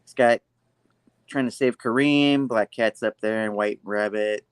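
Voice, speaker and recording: A man's voice: on the low side, unhurried, clean tone, dry recording. A man hosting a casual comic book review, rambling with many fillers and frequent laughter. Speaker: host of a comic review show.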